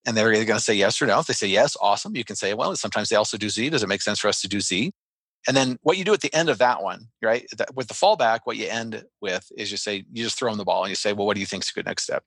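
Fast-talking man explaining sales tactics. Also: fairly low pitch, breathy edge, no room sound. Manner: fast, animated storyteller acting out his own reactions. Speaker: sales trainer guest. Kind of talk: podcast conversation with storytelling.

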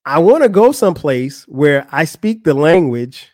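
Man, 40s, podcast host, casual slangy storytelling, slightly high voice, dry close sound. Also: big pitch swings, measured pace, a little mellow, dry recording. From United States. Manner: slangy, loose, with restarts.

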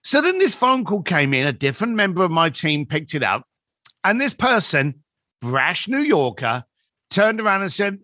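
Man, fairly high voice, swings pitch widely, acts out other people as he tells a story, dry close sound. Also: big pitch swings, moderate pace, sharp tone, no echo. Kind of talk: conversational storytelling.

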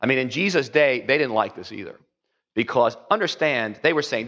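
A man's voice: mid-range voice, animated, a little fast, a bit bright. Rambling pastor, man, dull recording. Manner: rambling, with many "you know" fillers and acted-out quotes. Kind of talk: conversational sermon.

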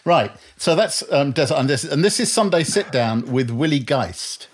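A man's voice: a little high, lively intonation, moderate pace, breathy edge. A man hosting an interview, setting up his questions with background detail in an easygoing, conversational way. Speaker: interview host.

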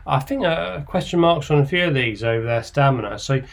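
A man's voice: medium pitch, animated, gravelly. A man hosting a horse racing podcast, running through the odds and turning to his panel for their picks. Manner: measured, asks panel for picks. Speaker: podcast host. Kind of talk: racing tipping podcast chat.

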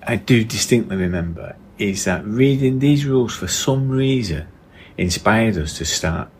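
Man, northern English accent, middle-aged, very deep voice, questioning podcast co-host. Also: animated, unhurried, a little mellow, a little hiss or hum. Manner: steering the talk with questions and tag questions. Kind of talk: casual chat.

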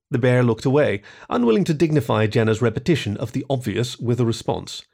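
A man narrating a short story in an expressive reading voice. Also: mid-range voice, a little fast, creaky, few pauses.

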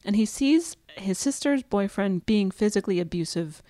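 A woman co-hosting a podcast, giving steady plot summaries with wry asides. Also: medium pitch, normal speed, no room sound. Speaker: podcast co-host. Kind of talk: podcast plot recap and chat.

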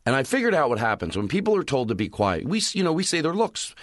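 A man in a close-miked podcast chat, recounting comedy club stories with animated energy. He talks plainly, then works up into loud, ranting bits when he acts out his anger. The sound is dry and close. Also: fairly high pitch, fast, no room sound. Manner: animated storyteller, rants loudly when acting out anger. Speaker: stand-up comedian telling stories.

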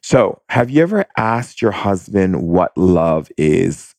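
Very deep-voiced man speaking slowly. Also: big pitch swings, a little mellow, no room sound. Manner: slow, deliberate, drawn-out phrasing in long run-on sentences. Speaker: spiritual teacher. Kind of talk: reflective spiritual monologue.

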